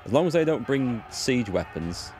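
A man's voice: mid-range voice, big pitch swings, normal speed, music in the background. A man giving casual, rambling commentary while he plays a strategy game, thinking aloud with a self-deprecating humour. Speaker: let's play host.

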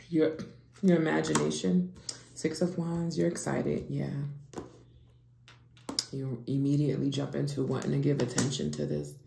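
A woman with a low, gravelly voice talks through a tarot reading at an unhurried pace. She swings between hushed whispers and excited outbursts. The room is echoey, with steady noise behind her. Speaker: tarot reader. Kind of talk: casual tarot reading monologue.

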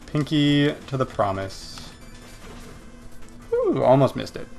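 Excitable gamer guy with lively pitch. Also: slow pace, creaky, faint music behind. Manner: excitable, yelps and swears at failures; mocking voices of other gamers. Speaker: let's play gamer. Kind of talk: casual gameplay commentary.

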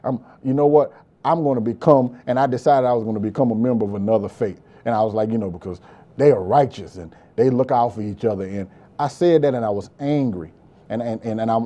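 Dark-voiced preaching man. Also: medium pitch. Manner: impassioned preaching, frequent "beloved" and "praise God", repetitive emphasis. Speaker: pastor. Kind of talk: sermon.

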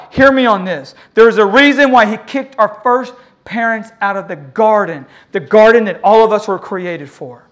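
An impassioned pastor in the middle of a sermon, who calls out to the congregation for amens. The delivery swings from loud, pleading cries to quiet, low tones. The pitch sits in a middle range. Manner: call-and-response with the congregation.

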